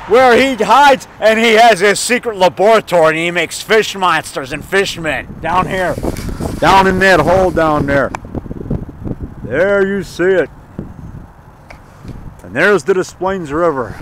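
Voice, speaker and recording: Against a noisy background, an indie horror filmmaker speaks in a high, unhurried voice while touring a forest preserve beside a river. His rambling vlog is enthusiastic and chatty, with repetition and chuckles.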